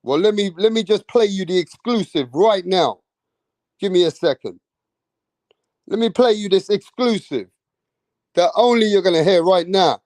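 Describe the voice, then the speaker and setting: Guy ranting about boxing, high voice, keeps repeating himself, dry sound. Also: moderate pace, pauses often, dry recording. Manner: excitable, slangy, repeats himself. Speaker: boxing commentator. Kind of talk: casual commentary.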